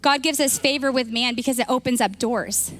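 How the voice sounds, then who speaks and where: Bright high-voiced woman pastor preaching. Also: fairly quick. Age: young adult. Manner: lively storytelling with acted dialogue and restarts. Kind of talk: sermon.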